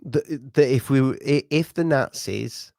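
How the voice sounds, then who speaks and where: A man's voice: medium pitch, unhurried, creaky, a little mellow, no room sound, clean studio sound. A man co-hosting a casual conspiracy podcast, blunt and profane, often cutting in. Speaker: podcast co-host.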